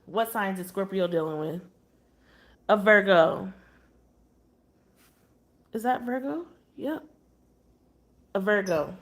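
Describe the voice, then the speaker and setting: A woman's voice: medium pitch, lively intonation, slow pace, pauses often. A woman giving a casual tarot reading, blunt and chatty with exasperated asides. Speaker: tarot reader.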